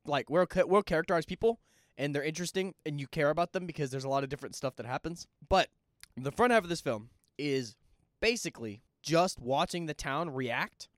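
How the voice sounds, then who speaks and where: A man's voice: a little high, animated, fairly quick, no room sound, clean studio sound. A young man co-hosting a podcast, chatting casually about a film and rambling through restarts mid-thought. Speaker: podcast co-host.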